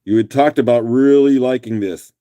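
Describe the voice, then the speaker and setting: A man with a rough morning voice, hosting a live rock auction stream in a relaxed, chatty way and clearing his throat now and then. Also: mid-range voice, moderate pace. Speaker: livestream auction host. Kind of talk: casual live auction chat.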